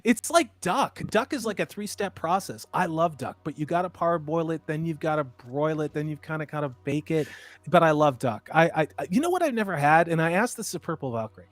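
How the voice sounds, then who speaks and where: A man in his fifties chatting casually as a stream host, an animated storyteller who swings between loud and soft. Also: a little high, a little fast, no room sound. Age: 50s. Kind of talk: casual chat.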